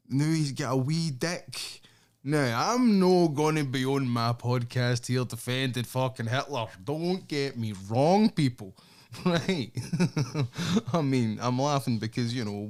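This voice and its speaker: A man's voice: mid-range voice, a little mellow. Scottish guy ranting solo on his podcast, swears a lot, keeps laughing. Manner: sweary, laughs often, sardonic. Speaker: podcast host.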